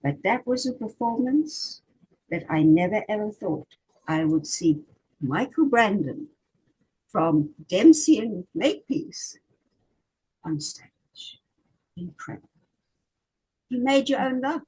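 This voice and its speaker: A woman's voice: medium pitch, sing-song, slow, pauses often, warm tone, breathy edge, rough recording. A woman from South Africa hosting an interview, chatting casually and praising her guest effusively. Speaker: interview host.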